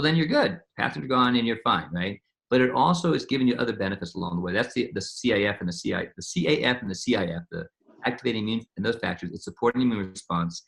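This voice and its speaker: A man's voice: lowish voice, gravelly, fairly bright tone. A man being interviewed as a medical scientist, telling stories in a rambling, conversational way with many restarts and repeated words.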